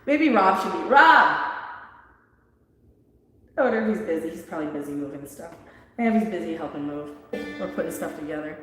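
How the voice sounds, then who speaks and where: A woman chatting casually on a live stream, animated and rambling, laughing often and restarting her sentences. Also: medium pitch. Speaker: streamer reviewing a show. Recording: very echoey room with long reverb.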